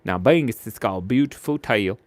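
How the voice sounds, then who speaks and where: A goofy man hosting a live stream, his voice leaping around with lively, bouncing intonation. He chatters playfully to viewers while he draws. The sound is close and dry, with no room echo. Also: lowish voice, a little fast. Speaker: live-stream drawing host. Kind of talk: casual live-stream chat while drawing.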